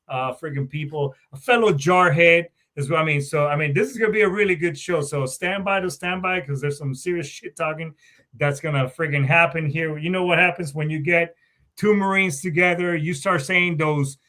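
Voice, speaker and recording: A man's voice: fairly high pitch, bright, forceful tone. A man hosting a veterans podcast, talking in a profane, rambling, jokey way with a Southern accent. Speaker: podcast host. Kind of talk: casual podcast chat.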